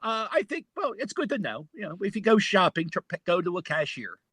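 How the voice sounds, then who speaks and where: An American man with a Philadelphia accent, a podcast guest chatting casually and telling stories in an animated way. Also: high voice, a little fast, husky, no room sound. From United States. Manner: animated storyteller, laughs often. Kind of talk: casual chat.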